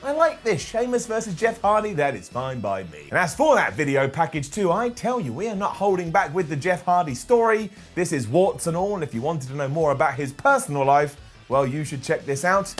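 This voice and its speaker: A man's voice: on the high side, sing-song, soft background music. A man giving a casual, joking wrestling review with sarcastic asides. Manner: jokey, sarcastic asides, quick voices for quotes.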